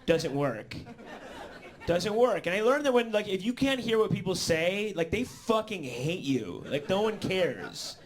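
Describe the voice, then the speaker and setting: A man's voice: high-pitched, very animated, a little slow. A man performing a live stand-up set in a comedy club, rambling with lots of fillers and swearing.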